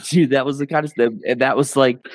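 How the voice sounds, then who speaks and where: A man, a podcast guest, telling stories in a loose, animated way, full of fillers and quick laughs. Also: medium pitch, dry recording. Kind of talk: casual storytelling.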